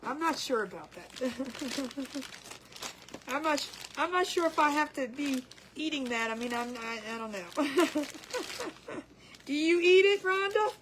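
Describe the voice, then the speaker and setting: A woman's voice: high-pitched, lively intonation, measured pace, noisy background. A woman hosting a casual craft livestream, chatty and giggly, rambling with restarts as she works.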